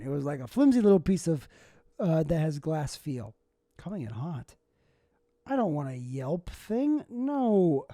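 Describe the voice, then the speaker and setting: A man's voice: fairly high pitch, dark tone, dry recording, clean studio sound. A young man, a stand-up comic, hosting a solo podcast in a rambling, self-deprecating way. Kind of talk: casual solo podcast monologue.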